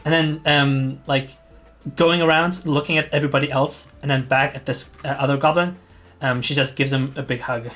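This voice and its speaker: A man running a tabletop game as game master narrates in a rambling, filler-heavy way as he searches for words. His voice is medium-pitched, a bit bright, and fairly even in intonation at normal speed, with faint music behind.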